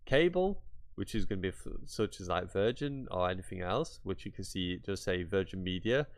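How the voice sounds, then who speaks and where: A man with a somewhat low voice walks viewers through a website in a casual screen-share tutorial. He talks in a chatty, rambling way and drops in mock-exasperated asides as he clicks around. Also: expressive, normal speed. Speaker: YouTuber.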